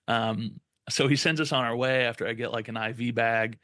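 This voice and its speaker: Young male podcast co-host, mid-pitch, retells a story with lots of swearing and quoted voices, dry close sound. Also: steady tone, brisk, fairly bright tone, dry recording. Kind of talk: casual storytelling.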